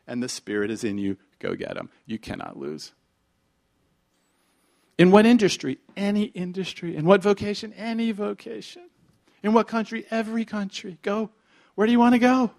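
Animated preaching man, pitch a touch high. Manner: animated storytelling, acting out dialogue, drops to whispers. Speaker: pastor. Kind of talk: sermon.

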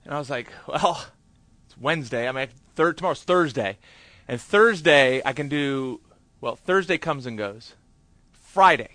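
A man's voice: mid-range voice, lively intonation, unhurried, pushed and bright, no echo. A man preaching a conversational sermon, telling a candid, self-deprecating story with chatty asides. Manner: chatty with many fillers and asides. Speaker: pastor.

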